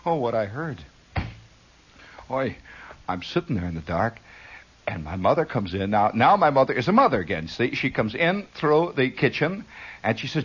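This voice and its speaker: A man's voice: on the low side, big pitch swings, moderate pace, breathy edge. A man telling a rambling first-person story on the radio, talking to listeners with repeated words and asides. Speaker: radio monologist. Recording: dull lo-fi 1960s radio broadcast.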